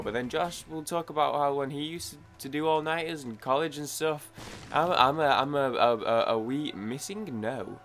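A man's voice: medium pitch, moderate pace, fairly bright tone, faint music behind. A young man giving casual gameplay commentary, sounding groggy from lack of sleep and rambling with frequent restarts. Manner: rambling, many restarts, swears when frustrated. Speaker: gaming YouTuber.

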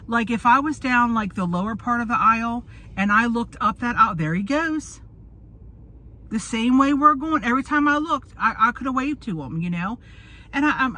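Here a woman in her forties vlogs from a parked car, rambling casually until she loses track of her thoughts. She speaks on the high side, with a sharp tone.

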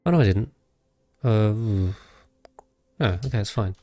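A man's voice: fairly low pitch, a little slow, mellow, dry recording. A man streaming a video game live, thinking aloud and chatting casually with his viewers as he plays. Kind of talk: casual live gameplay commentary.

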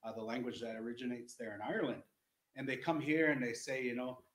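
A man's voice: mid-range voice, steady tone, fast, a bit bright, roomy sound, poor audio. A man, an Indigenous educator, explaining culture in an earnest, rambling teaching talk full of restarts.

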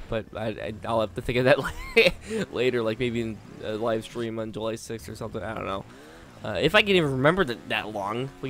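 A man giving live gameplay commentary as a gaming channel host, talking to himself and the game, swinging between low muttering and exasperated outbursts. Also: a bit bright, a little hiss or hum.

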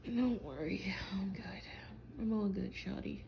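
A woman playing a gravelly teasing vampire boyfriend. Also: mid-range voice, unhurried, muffled recording, slight background noise. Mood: tired. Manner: teasing, playful, drawling slang. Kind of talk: listener role-play audio.

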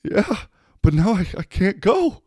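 A man doing a squeaky, flustered young guy. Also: very animated, unhurried, darkish tone, no echo, studio quality, full character voice. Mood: whiny flustered. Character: nervous young man, shy at the urinal.

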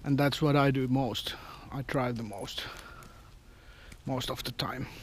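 Slow-talking Finnish man, rambling vlog. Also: medium pitch, slight background noise. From Finland. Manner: rambling, chatty storyteller with non-native grammar. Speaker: vlogger. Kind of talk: casual vlog chat.

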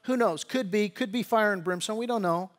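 A man preaching a sermon as pastor, reading scripture and breaking into casual, slangy asides, rising and pressing when he exhorts. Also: a little fast. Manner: conversational preaching, grows louder and higher when exhorting.

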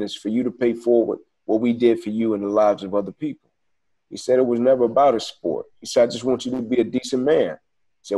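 Man, interview guest, dark voice, earnest reflective storytelling, casual speech. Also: mid-range voice, husky.

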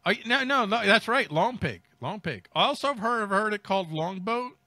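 A man's voice: high voice, lively intonation, normal speed, sharp tone, no echo. A man hosting a comedy news show, reading stories aloud and mocking them with ad-libbed riffs. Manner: mocking, riffing, reads then ad-libs. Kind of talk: comic commentary on news stories.

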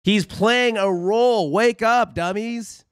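A man's voice: high voice, slow, fairly bright tone, smooth, no room sound, studio quality. A man hosting a satirical political commentary show in a mock-preachy, sarcastic, folksy manner. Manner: sarcastic, folksy, keeps calling viewers "friends".

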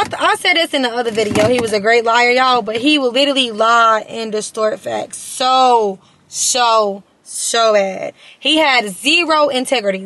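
A young woman vlogger speaks straight to her camera in a high, bright voice. She tells her story with emphasis, leaning on repeated words and talking to viewers as y'all. The sound is close and dry, with no room echo. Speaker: beauty and lifestyle vlogger. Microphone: compact camera mic.

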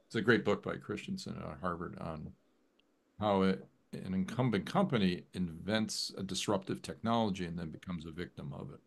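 A man chatting casually on a video call, an animated storyteller whose voice jumps up when he quotes others. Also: deep voice, fairly quick, creaky, slightly rough. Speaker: guest photographer.

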